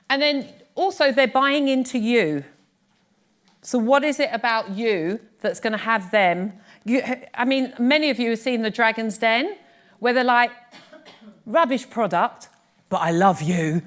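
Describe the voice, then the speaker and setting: A middle-aged British woman giving a live workshop talk on pitching, chatty and lively, teasing her audience. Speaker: business speaking coach. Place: workshop room before an audience.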